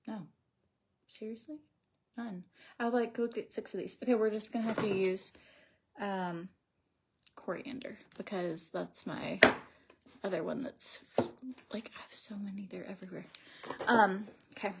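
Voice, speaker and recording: A woman's voice: medium pitch, steady tone, measured pace, creaky, long pauses, background noise. A woman in her thirties doing her makeup on a livestream, chatting in a rambling, casual way and often dropping to a near whisper. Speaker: beauty vlogger. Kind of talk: casual get-ready-with-me livestream chat.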